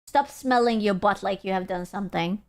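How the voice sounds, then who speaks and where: A young woman streaming, chatting casually in a playful, silly way and breaking into excited squeals. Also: mid-range voice, a little fast. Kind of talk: casual livestream chat.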